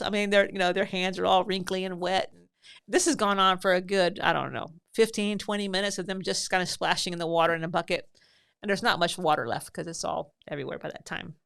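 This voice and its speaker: Podcast host, woman, middle-aged; low gravelly voice, chatty rambling storyteller. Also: fairly even intonation, brisk, fairly bright tone. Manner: chatty, rambling, with frequent fillers and laughs. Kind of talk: casual storytelling.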